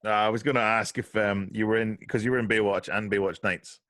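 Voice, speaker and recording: A man hosts a casual podcast interview and asks loose, rambling questions. His voice sits low, and the recording is dry and close. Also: fairly quick, dry recording. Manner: relaxed, brief backchannels and rambling questions. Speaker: podcast host.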